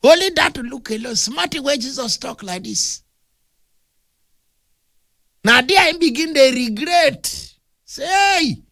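A man with a Nigerian accent preaching a humorous, animated sermon that mixes storytelling with playful big words. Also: extremely high pitch, slow, vocal fry, long pauses, no room sound, clean studio sound.

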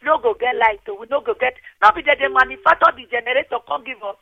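A woman's voice: sits high, quick pace, creaky. A woman with a Nigerian Pidgin English accent calling in to a radio show, speaking earnestly and pleadingly, repeating her points. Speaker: radio call-in caller. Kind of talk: impassioned phone-in comment. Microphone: telephone. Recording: muffled phone line.

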